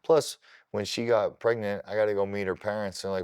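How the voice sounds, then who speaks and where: Deep-voiced man telling fight stories. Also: brisk, smooth, no room sound, studio quality. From Ohio. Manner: animated retelling, swears freely. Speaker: podcast guest, kickboxer. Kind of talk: casual storytelling.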